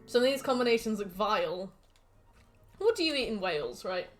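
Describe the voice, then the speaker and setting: English woman streamer, very animated delivery, faint game music behind, casual and profane. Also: medium pitch, brisk. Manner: swearing, reads out ingredients, jokey rants. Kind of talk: casual gameplay commentary.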